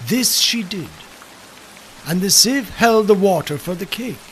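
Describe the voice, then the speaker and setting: A man reading folk tales aloud in a slow, dramatic storytelling manner. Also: sits high, expressive, a bit bright, a little hiss or hum. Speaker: narrator. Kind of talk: scripted folklore narration.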